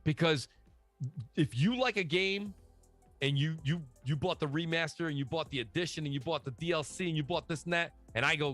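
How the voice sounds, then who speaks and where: A man chatting casually about video games, animated and slangy, telling stories with lots of asides. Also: on the high side, brisk, soft background music. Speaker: podcast guest. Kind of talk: casual gaming chat.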